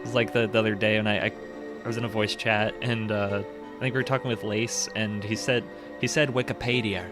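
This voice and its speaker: A man with a Midwestern accent chats loosely on a podcast, his voice sitting a little low. He rambles through stories and laughs easily. Music plays clearly in the background. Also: fairly quick. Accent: Midwestern American. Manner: laughs often, relaxed rambling storytelling. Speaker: podcast co-host. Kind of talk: casual chat.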